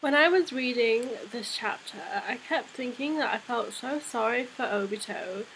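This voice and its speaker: A young woman reviewing a comic chapter in a chatty, excitable, rambling way, sounding a little unwell. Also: a little high, moderate pace, vocal fry, a little hiss or hum, rough recording. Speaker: manga reviewer. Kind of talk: casual fan review vlog.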